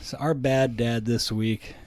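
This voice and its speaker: A man's voice: mid-range voice, steady tone, slow pace, a little mellow, no echo. A man hosting a podcast in casual chat, joking and teasing his co-host. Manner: joking, teasing, reads sponsor spots.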